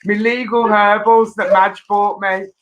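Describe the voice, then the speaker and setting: A woman's voice: mid-range voice, little pitch movement, unhurried, slight background noise. A woman hosting a casual live chat show, reading viewer comments and trading giggly, teasing banter. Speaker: host.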